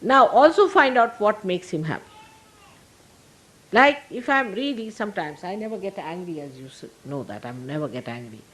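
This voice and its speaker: An older woman with an Indian accent, a spiritual teacher giving a gentle, humorous sermon to her followers. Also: mid-range voice, expressive, moderate pace, rough recording. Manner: gentle, humorous, laughing as she talks.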